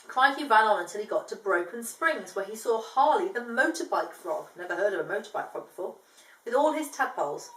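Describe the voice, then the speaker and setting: A woman's voice: mid-range voice, big pitch swings, fairly quick, a bit bright, reverberant, far from the mic, rough recording. A woman reading a children's picture book aloud, lifting her voice for the animals' lines and stopping to explain things in a chatty way. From from outside Australia, now living there.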